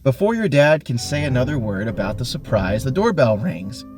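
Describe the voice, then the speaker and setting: Animated man hosting a read-aloud podcast. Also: medium pitch, normal speed. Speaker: podcast host and narrator. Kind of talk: reading a gamebook aloud. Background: background music.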